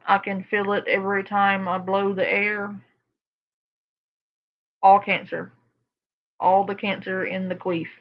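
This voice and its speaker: Slow-talking sarcastic woman reacting. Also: mid-range voice, dull audio. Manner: sarcastic, laughing. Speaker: reaction video host. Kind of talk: casual reaction commentary.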